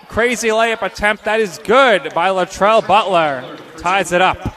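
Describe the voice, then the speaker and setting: Male play-by-play announcer for a basketball game; higher, bright tone, measured pace between the calls. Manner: rapid-fire calls, bursts of excitement on scores. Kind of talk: live basketball play-by-play commentary.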